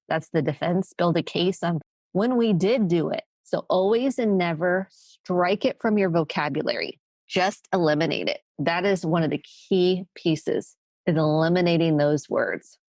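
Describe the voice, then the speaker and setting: A woman's voice: lowish voice, no echo. A woman therapist hosting a solo podcast. She talks in an earnest, emphatic way and acts out quoted phrases.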